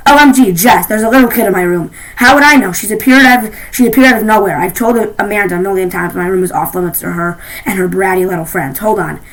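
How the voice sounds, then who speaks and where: A woman's voice: medium pitch, fast talker, few pauses, close to an everyday voice, low-quality recording. A woman voicing a spoiled, snobbish teenage girl in a storybook reading, complaining melodramatically. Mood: whiny.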